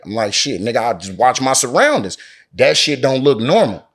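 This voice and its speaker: A man's voice: medium pitch, brisk, husky. A man from Oakland, an interview guest telling a story casually and animatedly, acting out the dialogue and swearing often. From Oakland, California. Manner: animated, acts out quoted dialogue, heavy slang and swearing. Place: lounge in a Las Vegas resort.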